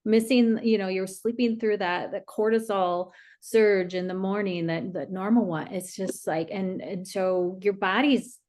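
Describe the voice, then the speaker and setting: A woman's voice: medium pitch, fairly even intonation, unhurried, hardly any pauses, a little mellow. A woman hosting a podcast, a dietitian talking in a chatty, casual way with many fillers and easy laughs.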